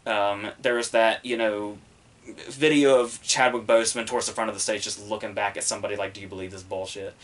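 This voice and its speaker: A man's voice: on the low side, fairly even intonation, fairly quick, fairly bright tone. A man hosting a podcast, giving casual solo commentary in a rambling, profane way full of fillers. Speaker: podcast host reviewing the Oscars.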